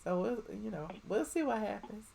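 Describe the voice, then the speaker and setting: A woman's voice: mid-range voice, expressive, normal speed, vocal fry, a crowd in the background. A woman hosting a call-in show, taking calls in a laid-back, teasing way. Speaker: host.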